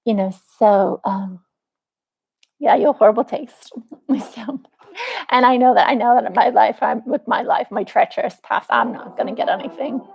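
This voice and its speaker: A woman's voice: a little high, vocal fry, husky, muffled recording. A woman in her forties venting in a rambling, profane vlog monologue, full of restarts. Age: 40s. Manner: aggrieved, venting. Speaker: vlogger.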